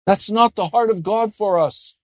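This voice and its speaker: A man preaching a sermon in an earnest way, often dropping to a soft, gentle tone. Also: high voice, normal speed, dry recording, studio quality. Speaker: pastor.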